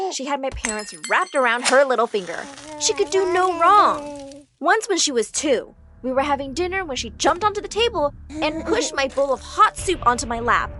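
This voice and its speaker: A young woman narrating a dramatic first-person animated story, emotive and expressive. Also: high-pitched, a little hiss or hum. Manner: emotive, rising and falling with the drama.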